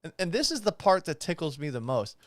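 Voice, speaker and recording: A man's voice: very animated, a little fast, fairly bright tone, dry recording, studio quality. A young man hosting a podcast, reading items aloud and mocking them in a sarcastic, profane, incredulous way. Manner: profane, jumps up in pitch when exasperated. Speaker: podcast host. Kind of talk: casual commentary.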